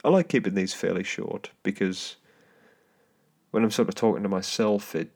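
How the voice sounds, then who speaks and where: Soft guitar bedding accompanies a slightly rough, low-ish English male voice speaking at a moderate pace. He hosts a podcast on his own, meandering through a casual travel story with many fillers, restarts and chuckled asides, all captured on a home mic.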